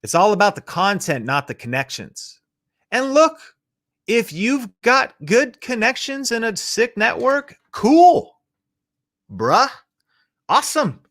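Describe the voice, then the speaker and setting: A man's voice: sits high, big pitch swings, measured pace, sharp tone. Fired-up man hosting a motivational show. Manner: punchy, fired-up, slangy. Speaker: show host. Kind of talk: motivational livestream talk.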